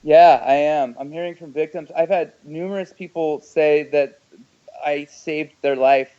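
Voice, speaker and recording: A man, an actor and screenwriter, giving emotional, halting interview answers and often repeating his words. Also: on the high side, fairly even intonation, warm tone, smooth, highs cut off.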